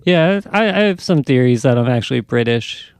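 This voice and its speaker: A man's voice: medium pitch, animated, a little fast, clean tone, no echo. A man hosting a podcast in casual chat, laughing easily and telling loose, rambling stories. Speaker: podcast host.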